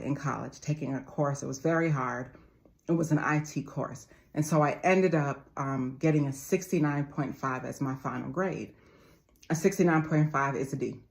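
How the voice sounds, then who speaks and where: Low-voiced woman giving a motivational talk. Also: vocal fry, darkish tone. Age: 40s. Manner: preachy, repeats phrases, calls listeners family. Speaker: motivational speaker.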